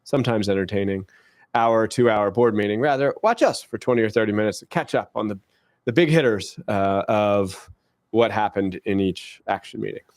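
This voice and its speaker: A man's voice: lowish voice, normal speed, darkish tone, dry recording, studio quality. A man with an American accent hosting a casual school-district podcast in a jokey, upbeat, self-deprecating way, with faint music behind him. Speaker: podcast host, school superintendent.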